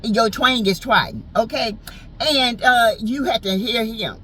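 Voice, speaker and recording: A woman's voice: on the high side, measured pace, bright, forceful tone, slight background noise, rough recording. A woman with a Southern US accent giving a sassy, teasing, slangy recap of a reality show in casual chat. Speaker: TV show reviewer.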